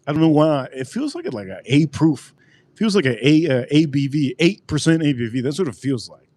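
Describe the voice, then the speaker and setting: A man hosting a casual livestream drink review, rambling and joking with sudden animated outbursts. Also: a little high, a little fast. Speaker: livestream host.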